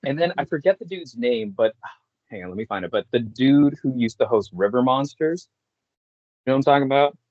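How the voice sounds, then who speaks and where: A man's voice: mid-range voice, animated, a little fast, a little mellow, no room sound, highs cut off. A man who works as a voice actor and actor, a guest chatting in an easygoing, laid-back way and laughing often. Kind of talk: casual interview chat.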